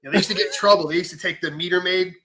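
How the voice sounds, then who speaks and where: Animated, bright-voiced man telling stories. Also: high-pitched, rapid-fire, low-quality recording. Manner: animated storytelling with profanity and acted-out quotes. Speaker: knife maker. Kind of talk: casual podcast chat.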